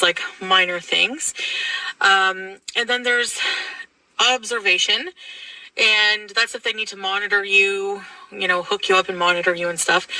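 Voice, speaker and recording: Chatty bright-voiced woman telling a story. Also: mid-range voice, no room sound, far from the mic, rough recording. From Canada. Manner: chatty, rambling, with asides to viewers. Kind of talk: casual storytelling.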